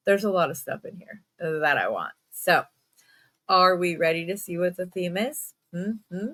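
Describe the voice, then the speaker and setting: A woman's voice: mid-range voice, fairly bright tone. A woman with a stuffed-up voice hosting a casual bead unboxing, chatty with frequent ums and little self-mocking laughs. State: stuffed up, lower energy. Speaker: beading channel host.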